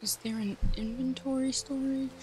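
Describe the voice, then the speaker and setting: A woman's voice: high voice, steady tone, normal speed, darkish tone, slight background noise. A woman giving casual gameplay commentary, chatty and thinking aloud, joking at herself. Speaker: let's play host.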